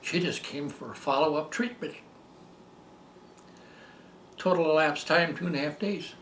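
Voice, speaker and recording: A man's voice: a little high, a bit bright, reverberant, a little hiss or hum. Rambling older man telling a story. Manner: rambling, halting with repeated fillers and restarts. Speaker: patient giving a testimonial. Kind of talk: storytelling tribute.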